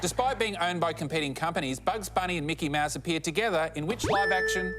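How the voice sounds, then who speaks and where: A man's voice: on the high side, fast. A man hosting a quiz show in a TV studio, dry and mocking as he teases contestants. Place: TV studio before a live audience. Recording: TV studio with loud live audience and music.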